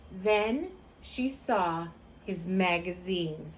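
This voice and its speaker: A woman reading a picture book aloud to children as a teacher, pausing to ask them for predictions. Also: mid-range voice, lively intonation, darkish tone, slight background noise.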